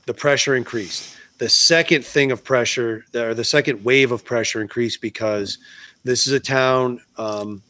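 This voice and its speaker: A man talks in a casual podcast chat, circling back and restarting as he goes. His voice sits at an ordinary middle pitch. The sound is dry and close, with no room echo. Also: fairly even intonation, unhurried, bright, forceful tone. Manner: rambling, frequent restarts, swears freely. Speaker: podcast co-host.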